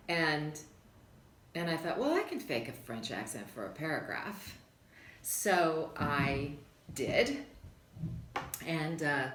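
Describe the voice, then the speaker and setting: A woman's voice: sits low, roomy sound, slight background noise. A voice actress in a casual interview, telling reflective, rambling anecdotes about her work.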